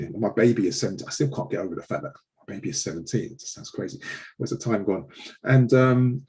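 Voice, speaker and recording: A man's voice: medium pitch, dark tone, rough recording. A man in his forties, a live show host, telling a personal story with passion and frequent restarts when upset. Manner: impassioned, repeats words when upset.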